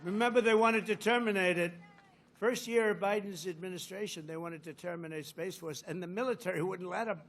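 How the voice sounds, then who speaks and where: An older man giving a rambling, boastful rally speech, swinging from loud outbursts to muttered asides. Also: sits high, brisk. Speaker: politician addressing a rally.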